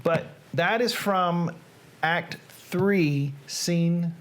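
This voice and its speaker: A middle-aged man with a Southern American accent hosting a casual livestream in a folksy, playful manner. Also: high-pitched. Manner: folksy, playful, drawn-out delivery. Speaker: livestream host. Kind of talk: casual livestream chat and dramatic reading.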